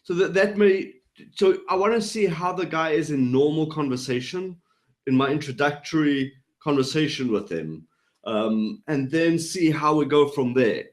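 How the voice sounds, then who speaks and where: A man who trains people in body language, explaining his points in an animated way over a video call and acting out rising and falling intonation. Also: on the high side, normal speed. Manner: animated, demonstrates vocal inflection up and down. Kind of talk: explanatory interview talk.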